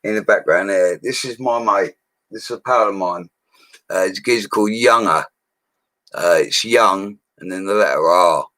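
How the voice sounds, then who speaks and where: Deep-voiced drunk builder, loud and rambling, on a laptop stream in a dry little room. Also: male voice, normal speed, dry recording. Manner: rambling, loud and laddish, laughing often. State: drunk, slurring. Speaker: bricklayer streaming to viewers. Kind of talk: drunk casual live-stream chat. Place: small room at home, alone. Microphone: laptop microphone.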